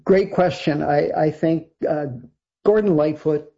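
Gravelly older man telling stories. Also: a little high, a little slow, mellow. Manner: rambling, many restarts and fillers, laughs often. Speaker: guest, songwriter and producer. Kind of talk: casual interview storytelling. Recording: dull lo-fi sound.

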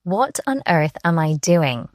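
Female correspondent, wry first-person radio narration, very low pitch. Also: sing-song, slow, a little mellow, no room sound, studio quality. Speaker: foreign correspondent. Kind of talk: scripted radio report narration.

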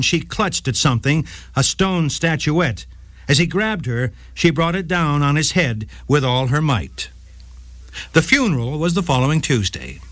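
Lively man narrating a legal story. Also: dry recording. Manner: dramatic storytelling with lively pitch. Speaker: radio legal segment host. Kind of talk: scripted narration.

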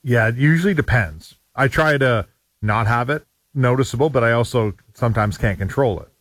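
A man's voice: mid-range voice, moderate pace, a bit bright, no room sound. A man with an Ottawa Valley accent, answering casually as a radio co-host.

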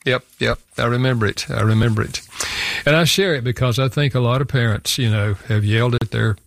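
Older male guest, gravelly and earnest, dry studio sound. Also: medium pitch, no room sound. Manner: earnest, halting, many restarts. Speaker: author and guest. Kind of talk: storytelling in a radio interview.

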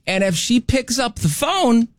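A man with an extremely high, sing-song voice speaks unhurriedly, with no echo. He hosts a morning radio show, chatting casually, cracking jokes and explaining the contest rules.

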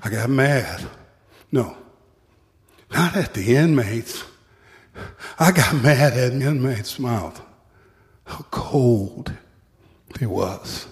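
A man who worked as a corrections officer telling a personal story on stage in a slow, deliberate, solemn way. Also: mid-range voice, expressive. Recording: long hall reverb.

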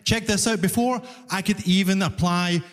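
High-voiced Glaswegian comedian. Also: male voice, normal speed. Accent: Glaswegian Scottish. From Scotland. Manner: animated, mock-exasperated storytelling. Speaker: stand-up comedian. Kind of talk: stand-up comedy set. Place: comedy club stage. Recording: reverberant live venue.

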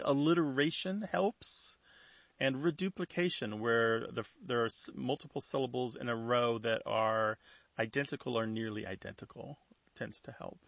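A man's voice: medium pitch, vocal fry, fairly bright tone, no echo, dull audio. A man co-hosting a radio call-in show, explaining things in a thoughtful, conversational way.

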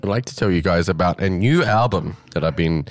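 A man's voice: low voice, fairly quick, no room sound. A man hosting casual community radio, rambling and teasing his co-host. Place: radio studio.

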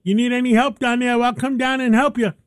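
High-voiced, rambling man hosting talk radio. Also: flat delivery, brisk. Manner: rambling, enthusiastic, stumbling over words. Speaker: radio show host.

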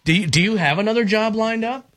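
A man's voice: high-pitched, quick pace, fairly bright tone, no echo. A man hosting a casual morning radio show, chatting and chuckling with a caller on the phone in a teasing, chatty way. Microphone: studio microphone.

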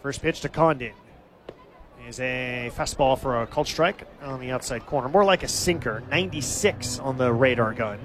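A man calling live baseball play-by-play as the team's announcer, giving steady, stat-heavy recaps of the game. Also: mid-range voice, moderate pace, a little hiss or hum.

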